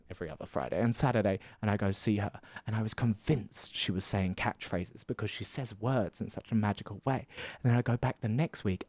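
A man's voice: mid-range voice, darkish tone, no room sound. A man who performs as a drag queen, talking in a rambling, campy, theatrical way and calling people darling. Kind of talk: casual interview chat. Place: indoors, seated.

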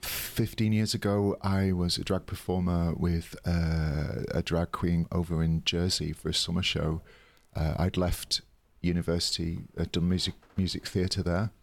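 A man's voice: low-pitched, little pitch movement, unhurried, creaky, no echo. A man in his thirties, a drag performer telling stories as an interview guest, chatty and hesitant with many ums and restarts. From United Kingdom. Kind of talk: casual interview storytelling.

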